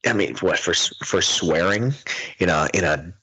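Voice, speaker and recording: A man's voice: sits low, moderate pace, husky, low-quality recording. A young man hosting a podcast, ranting animatedly in profane casual chat. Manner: animated, ranting, heavy swearing. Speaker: podcast host.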